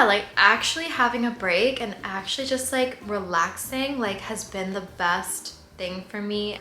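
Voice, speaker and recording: A woman's voice: medium pitch, pushed and bright. A young woman in her twenties chatting casually to camera in a Q&A vlog, saying "like" a lot. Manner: chatty, tearful at times, lots of "like". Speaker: vlogger. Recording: echoey room, faint cricket noise. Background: faint crickets.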